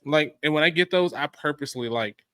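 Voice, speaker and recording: A man's voice: a little high, fairly quick, sharp tone, dry recording. A man co-hosting a podcast in casual chat, telling stories in a laid-back way and murmuring agreement often. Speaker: podcast co-host.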